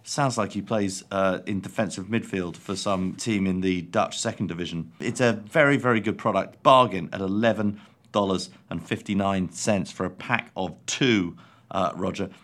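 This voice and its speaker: A man from England co-hosting a podcast, dry and deadpan, talking with hesitant ums. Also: deep voice, moderate pace. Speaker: podcast co-host. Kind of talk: casual comedic chat.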